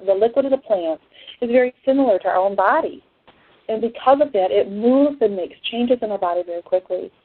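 A woman giving an emotional personal testimony to a class, an impassioned storyteller who swings between hushed and excited. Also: medium pitch, slightly rough. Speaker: essential oils class speaker. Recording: tinny phone-like dry sound.

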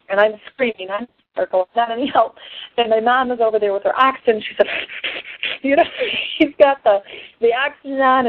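A woman giving an emotional personal testimony to a class, an impassioned storyteller who swings between hushed and excited. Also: high voice. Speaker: essential oils class speaker. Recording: tinny phone-like dry sound.

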